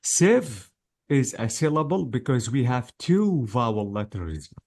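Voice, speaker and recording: In a sing-song, darkish voice of medium pitch at normal speed, a hesitant man leads an exam practice lesson. As an English test-prep teacher, he lays things out patiently step by step, frequently pausing and checking in.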